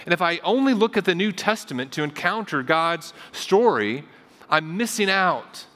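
Male pastor, slightly higher-pitched voice, casual storytelling sermon, echoing church sanctuary. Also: expressive, moderate pace, a bit bright. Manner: conversational storytelling preaching, repeats phrases for emphasis. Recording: long hall reverb.

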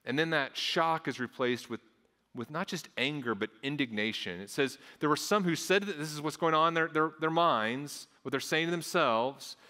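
A man's voice: fairly high pitch, moderate pace, bright, forceful tone, in a large hall. A man, a pastor, preaching a sermon earnestly, often repeating his words as he goes. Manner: earnest, repeats words, acts out voices of onlookers.

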